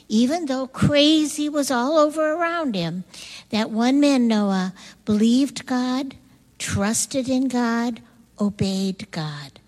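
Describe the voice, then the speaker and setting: A woman telling a children's Bible story with animated, repetitive emphasis. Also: medium pitch, rough recording.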